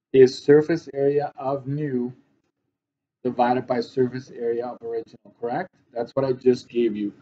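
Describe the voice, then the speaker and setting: A man's voice: medium pitch, darkish tone, slight background noise. Man, math teacher, classroom lesson, keeps asking "right?", dull lo-fi sound. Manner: checks in often with students.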